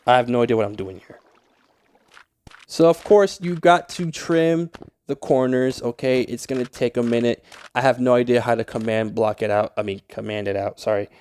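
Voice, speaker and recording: A man's voice: mid-range voice, steady tone, normal speed, darkish tone, slight background noise. A young man talking through a game tutorial in a casual, rambling way, swearing often and easily annoyed. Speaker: Minecraft tutorial creator. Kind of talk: casual gameplay tutorial voice-over.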